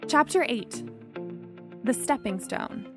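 A young woman reading a first-person story in a reflective, measured way. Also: on the high side, expressive, soft background music. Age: young adult. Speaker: narrator.

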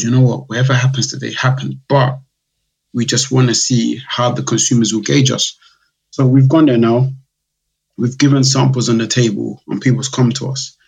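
Male guest, gravelly and husky, chatty storyteller who acts out customers' voices. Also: medium pitch, poor audio. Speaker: guest, drinks brand founder. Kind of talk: casual podcast interview.

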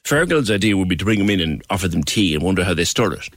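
Male radio host, lowish voice, lively pitch swings, chatty and wry, dry close mic. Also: dry recording. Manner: chatty, self-mocking, halting restarts. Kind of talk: casual radio chat with listener messages.

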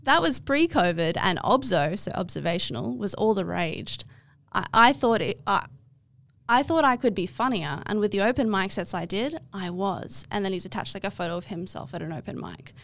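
A woman's voice: medium pitch, lively intonation, moderate pace, gravelly, fairly bright tone, dry recording. A young woman comedian telling a story in casual chat, full of "like" fillers and mimicking the people she quotes. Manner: chatty, lots of "like" fillers, puts on voices for quotes. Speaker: comedian guest.

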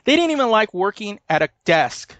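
A man's voice: sits high, very animated, normal speed, a bit bright, no echo. A man co-hosting a casual podcast, adding laid-back comments and agreeing with his co-host. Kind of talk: casual comedic chat.

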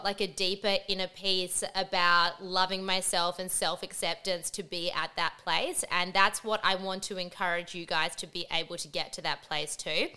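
Aussie girl in her 20s vlogging, sing-songy rising ends, says like a lot, bright clear voice. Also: medium pitch. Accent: Australian. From Australia. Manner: rising upward inflection at phrase ends; chatty, lots of "like" fillers. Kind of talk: personal storytelling to camera.

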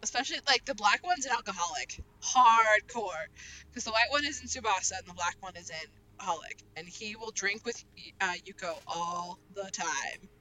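A young woman hosting a casual group chat over an online call. She talks in an excitable, rambling way and laughs often. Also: mid-range voice, moderate pace, a little hiss or hum, low-quality recording.

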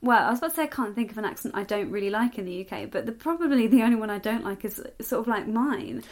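Posh southern English woman, podcast co-host, fairly high voice, chatty and enthusiastic. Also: a little mellow. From South West England. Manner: chatty, enthusiastic, quick to agree. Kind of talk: casual chat.

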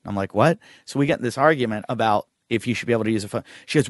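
A man's voice: on the low side, very fast, no room sound, clean studio sound. A man, a comedian guest, telling stories in casual chat and acting out the voices of people he quotes. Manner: acts out quoted voices, swears freely. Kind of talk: casual podcast chat, storytelling.

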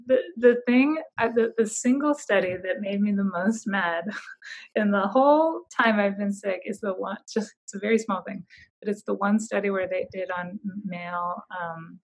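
A woman's voice: mid-range voice, moderate pace, low-quality recording. A young woman telling her story in casual conversation, chatty and full of fillers, laughing often.

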